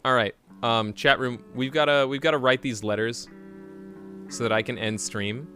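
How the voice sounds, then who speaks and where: A young adult man streaming a game, chatting playfully with his viewers and breaking into sudden loud shouts. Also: medium pitch, steady tone, normal speed, faint music behind. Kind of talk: casual live-stream chat.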